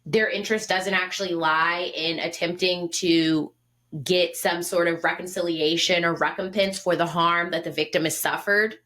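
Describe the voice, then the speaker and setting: A young woman in her twenties co-hosts a casual podcast chat, with a slightly low voice. She is blunt and outspoken and delivers her points with a dry, wry edge. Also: steady tone, moderate pace, bright, forceful tone. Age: 20s. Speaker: podcast co-host.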